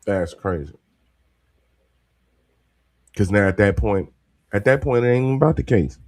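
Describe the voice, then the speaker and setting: A man with a low voice chats casually as a podcast co-host. He talks in a loose, emphatic way and swears freely. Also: lively intonation, normal speed, darkish tone. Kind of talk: casual chat. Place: in Texas.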